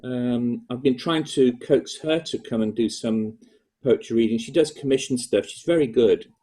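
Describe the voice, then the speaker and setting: A man's voice: mid-range voice, normal speed, dark tone. An older man with an English accent, chatting casually with other poets on a video call. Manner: chatty, with frequent restarts.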